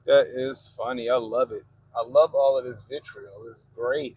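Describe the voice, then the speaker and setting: A Baltimore, Maryland, livestream host with a Baltimore accent reads comments while chatting loosely and profanely in relaxed banter. His mid-range voice holds a steady tone at a moderate pace with few pauses, a little mellow and slightly rough, and the recording is muffled.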